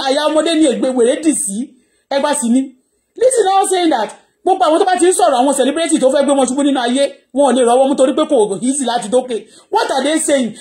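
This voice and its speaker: High voiced nigerian lady ranting live, raises her voice a lot, yoruba native. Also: warm tone. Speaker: blogger. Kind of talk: live social media rant.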